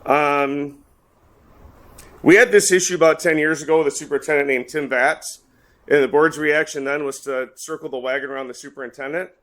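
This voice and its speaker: A man's voice: fairly high pitch, steady tone, fairly bright tone. Blunt man at a public comment. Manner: blunt, rapid, frustrated. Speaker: parent speaking in public comment. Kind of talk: public comment at a board meeting.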